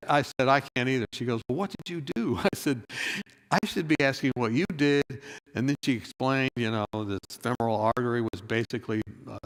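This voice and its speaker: A man's voice: medium pitch, fairly bright tone. A man preaching a sermon, telling a personal story and acting out the dialogue, then rising to emphatic moments. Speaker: pastor. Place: church.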